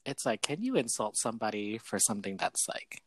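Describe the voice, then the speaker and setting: A man co-hosting a casual chat, reading posts aloud, animated and laughing often. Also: on the low side, fairly quick, no room sound. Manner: animated, laughs often, says "girl" and "you know what". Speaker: podcast co-host reading posts.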